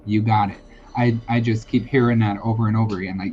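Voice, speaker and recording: A man with a fairly low, steady, dark-toned voice speaks fast while hosting a live-streamed tarot and psychic reading. He talks casually and reassuringly, using many fillers and repeated phrases, over dull lo-fi audio with faint background noise.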